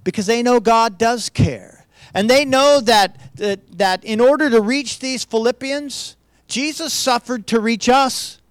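A pastor delivers a sermon in a high-pitched male voice, earnest and conversational. He stumbles into restarts and keeps posing rhetorical questions to the congregation. The sound is dry, with almost no room echo. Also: unhurried, clear, resonant tone. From United States.

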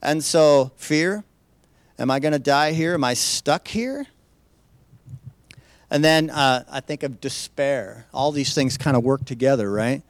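A man's voice: medium pitch, measured pace, no echo. A man giving a sermon as a pastor, earnest and conversational, often restarting and asking rhetorical questions. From United States.

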